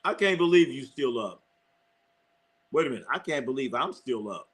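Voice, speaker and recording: A man's voice: medium pitch, animated, normal speed. A middle-aged man hosting a live sports stream, rambling and cursing, repeating phrases and laughing often as he reads chat.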